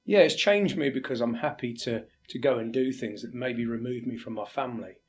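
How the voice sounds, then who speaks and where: Man, from England, firefighter, interview guest, candid, halting, middle pitch. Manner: candid, halting, acts out quoted exchanges. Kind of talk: reflective interview talk.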